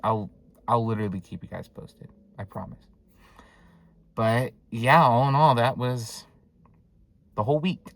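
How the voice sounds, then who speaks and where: A young man telling a casual story for his vlog, rambling with lots of filler words, recorded in a dark room at home. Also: on the low side. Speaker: vlogger.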